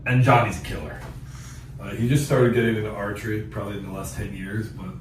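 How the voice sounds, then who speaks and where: A man hosting a podcast, telling a hunting story in a casual, animated way, laughing often and acting out what people said. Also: on the low side, fast. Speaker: podcast host. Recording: echoey distant mic with background noise.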